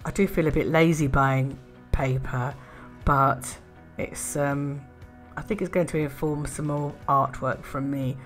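A woman chatting casually in a craft haul video, gushing with soft admiring murmurs and little laughs. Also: deep voice, steady tone, unhurried, soft background music. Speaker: art and craft vlogger.

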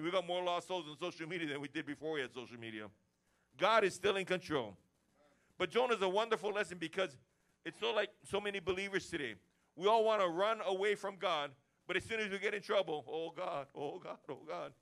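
A man preaching a lively sermon to his church, acting out everyday chats as he goes. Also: high voice, fast talker. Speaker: pastor. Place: church service.

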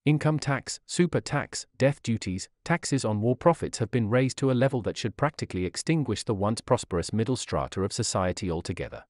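A man narrates a nonfiction audiobook at an ordinary pitch, his voice swinging widely up and down as he lands each point. His reading has a sardonic, pointed edge. The recording is close and dry, with no room sound. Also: lively intonation, fairly quick, few pauses, darkish tone, dry recording.

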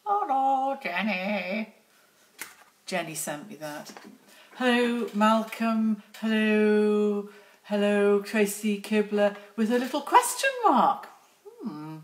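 A woman's voice: mid-range voice, lively intonation, slow pace. A middle-aged woman hosting a casual live stream outdoors on her phone, chatty and teasing as she greets viewers by name. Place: outdoors near lambs.

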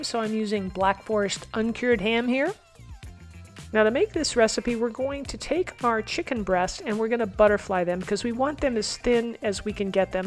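A woman hosting a home cooking demonstration in an upbeat way, throwing in corny chef jokes. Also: mid-range voice. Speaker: cooking show host.

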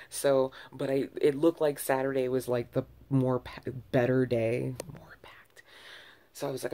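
A woman's voice: a bass voice, steady tone, a little slow, creaky, dark tone. A woman vlogger talking to camera in a loose, candid ramble, full of restarts and self-corrections, with sighs between thoughts. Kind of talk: casual early-morning ramble to camera.

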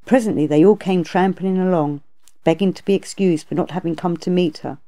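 A woman narrating a classic tale as an audiobook reader, in a steady, even reading. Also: on the low side, brisk. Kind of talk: scripted storybook narration.

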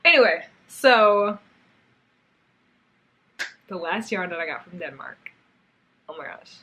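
Excitable young woman, yarn haul vlog, chatty and gushing, mid-pitched voice. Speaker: yarn crafts vlogger. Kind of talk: casual haul vlog chat.

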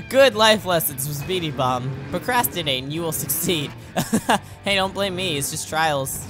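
An excitable young man commentates on his own gameplay, jokey and chatty, talking himself through each move. His pitch swings widely and jumps into yelps and laughs whenever he crashes. Faint game music runs behind him. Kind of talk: let's play commentary.

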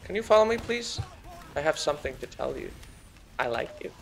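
A man's voice: a little high, sing-song, a little fast, vocal fry, soft background music. A man doing a celebrity impression while commentating a game, meandering and self-mocking and easily sidetracked. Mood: rambling. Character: slow, gravelly, rambling celebrity-impression man.

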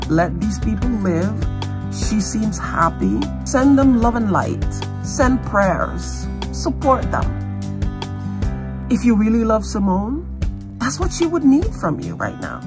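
A woman in her fifties with a raspy, nasal voice from a cold, giving slow, earnest commentary to the camera for her vlog. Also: medium pitch. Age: 50s. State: hoarse from a cold. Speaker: vlogger.

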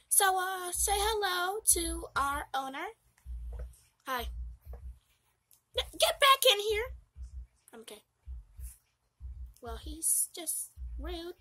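Brief: chatty woman host wrapping up a video, very high, slow, bright voice. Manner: pleading, chatty. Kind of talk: casual outro.

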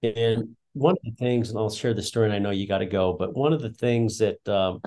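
An older man, a retired school principal, speaks a little fast in a fairly low, dark-toned voice. As an interview guest, he tells long, earnest, reflective stories.

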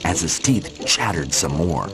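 A man narrating a children's storybook in an expressive, animated way. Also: low-pitched, unhurried. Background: background music.

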